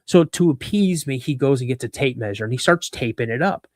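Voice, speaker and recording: A man in his fifties from Washington State, a guest telling a personal story in conversation, animated and acting out the dialogue, often repeating and restarting words. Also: mid-range voice, a little fast, dry recording. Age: 50s. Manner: animated storyteller who acts out quoted dialogue. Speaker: guest, cryptid researcher.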